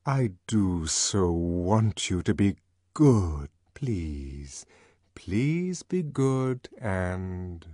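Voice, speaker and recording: A man voices a synthetic broadcast baritone in an audiobook, low, hushed and tremulous. It pleads slowly and tenderly. The recording is dry and close. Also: sing-song, no echo, exaggerated voice. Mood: pleading.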